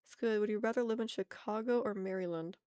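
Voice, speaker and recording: A woman's voice: medium pitch, fast, warm tone, smooth, no room sound. Chatty American woman streamer, laughing often. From United States. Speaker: art streamer. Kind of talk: casual chat with stream viewers.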